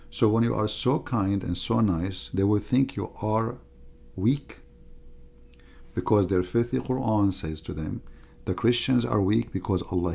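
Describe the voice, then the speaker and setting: A man's voice: lowish voice, moderate pace, vocal fry, warm tone, slightly rough. A middle-aged man giving an emphatic, repetitive livestream monologue as a religious debater, in non-native grammar.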